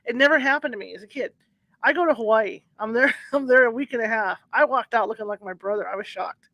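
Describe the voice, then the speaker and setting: A woman hosting a live-stream show who is excitable and speeds up when she is thrilled. Her voice is bright and forward. The sound is dry and close. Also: fairly high pitch, fast, no echo. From half Mexican, half Hungarian heritage. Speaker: show host.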